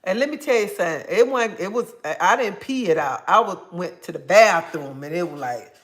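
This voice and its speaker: An older woman hosting a casual livestream, reading viewer comments aloud and telling stories in a chatty, animated way. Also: lowish voice, brisk. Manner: chatty, animated storytelling with bursts of excitement. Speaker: livestream host.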